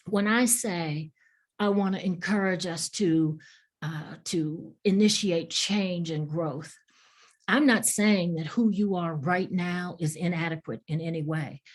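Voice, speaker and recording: A woman with a slightly low voice teaches a webinar for fundraisers. She tells stories from her trainings in an earnest, encouraging way. She speaks straight to her listeners, like a coach. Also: takes it slowly.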